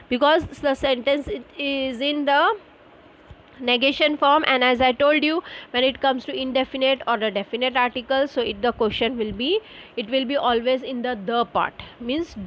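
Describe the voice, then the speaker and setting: A woman teaching an online French class, explaining slowly with many fillers and spelling words out letter by letter. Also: high-pitched, low-quality recording.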